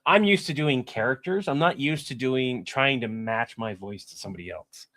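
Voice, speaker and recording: A man's voice: medium pitch, pushed and bright, no echo. A man voice actor chatting casually on a live stream while editing, rambling and critical of his own takes. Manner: rambling, self-critical, halting. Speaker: voice actor and video editor.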